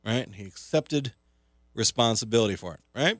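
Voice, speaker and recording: A man's voice: on the low side, a little fast, fairly bright tone, no room sound. A man hosting talk radio as a comedian, delivering a casual, rambling monologue full of fillers, sarcasm and self-mockery from a studio microphone.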